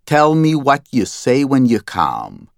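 A man's voice: medium pitch, wildly swooping pitch, slow pace, vocal fry, dry recording, studio quality, voice pushed up, exaggerated voice. A man voicing a pushy middle-aged male recording producer who talks in a brusque, demanding way. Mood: annoyed.

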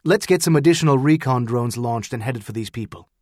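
A man voicing a calm male starship captain who gives crisp, brisk commands. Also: medium pitch, dry recording, studio quality, lightly acted. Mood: crisp, commanding.

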